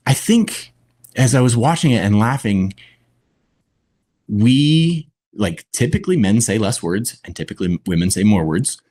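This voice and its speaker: A man guest on a podcast, speaking in a reflective, deliberate way with long pauses. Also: on the low side, animated, darkish tone. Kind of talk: conversational podcast talk.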